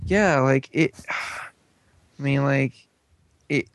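A man's voice: medium pitch, very slow, no room sound. A young man hosting a show, giving a casual, rambling recap of an episode with lots of filler and sarcastic asides. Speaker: show host.

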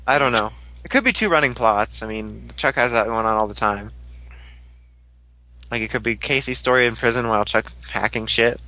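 A man's voice: medium pitch, bright, forceful tone, low-quality recording. A man in a casual chat, guessing what comes next and laughing easily. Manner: chatty, speculative, quick to laugh. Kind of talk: casual chat about a TV show.

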